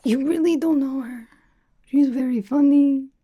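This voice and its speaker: An ASMR creator, a woman, whispers her way through a role-play as a brash female spy, teasing and chatty, dropping her articles. Her voice is a little high but mellow, and she wanders along unhurried in soft, half-whispered asides, the mood playful and teasing.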